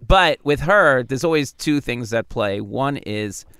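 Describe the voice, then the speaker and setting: A man's voice: medium pitch, unhurried, clear, resonant tone, no echo, studio quality. A man, a comedy writer, telling stories as a guest in a casual interview and acting out what people said. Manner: animated, acts out quoted dialogue.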